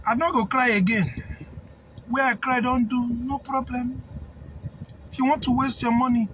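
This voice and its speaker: Nigerian guy w a high voice going off at people, preachy and defiant, keeps repeating himself, dull lo-fi audio. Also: steady tone, moderate pace, a bit bright, slight background noise. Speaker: snail farming consultant. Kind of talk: impassioned rant to camera.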